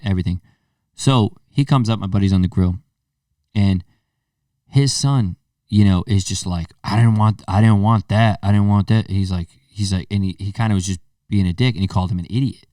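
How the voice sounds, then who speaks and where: A man's voice: fairly low pitch, normal speed, no room sound, studio quality, distant mic. A man in his thirties hosting a podcast, telling a story casually and acting out the voices in it. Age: 30s. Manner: animated storyteller, acts out quotes. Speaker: podcast host.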